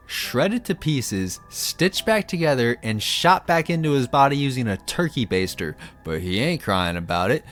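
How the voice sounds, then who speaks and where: A man's voice: a little high, lively intonation, measured pace, few pauses, soft background music. A man ranting about fantasy lore in a sarcastic, profane, comedic commentary style.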